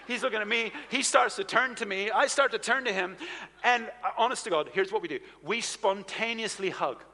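A man preaching a sermon, telling a personal story in an animated, anecdotal way with asides to the audience. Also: sits high. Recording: reverberant hall sound.

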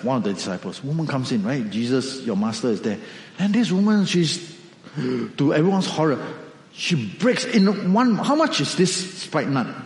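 A man preaching a sermon, animated storytelling with acted asides. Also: a little high, echoey room, in a large hall, rough recording. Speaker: pastor.

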